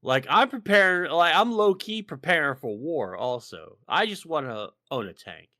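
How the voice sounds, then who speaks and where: A man's voice: a little high, lively intonation, normal speed, pushed and bright, no echo, clean studio sound. A man from Texas co-hosting a casual podcast, profane and rambling, with lots of fillers and restarts. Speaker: podcast co-host.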